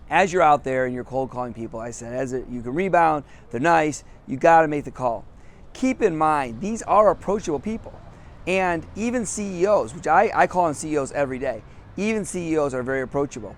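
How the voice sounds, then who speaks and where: A middle-aged man, a business coach, telling a story to camera on a city sidewalk outdoors, upbeat and laughing often at himself. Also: a little high.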